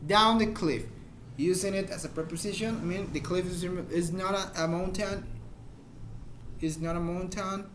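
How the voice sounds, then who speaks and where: Man, high voice, informal English teacher, patient repeated examples, slight hiss. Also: fairly even intonation, a bit bright. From Mexico. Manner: explains slowly with repeated examples, searches for words. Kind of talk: informal grammar lesson.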